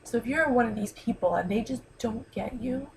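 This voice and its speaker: A woman's voice: a little high, normal speed, slight background noise, poor audio. A woman talking heartfelt and rambling in a personal vlog, holding back tears. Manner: heartfelt, rambling, many ums and you-knows. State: close to tears. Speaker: vlogger. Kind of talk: emotional personal vlog monologue. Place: New York.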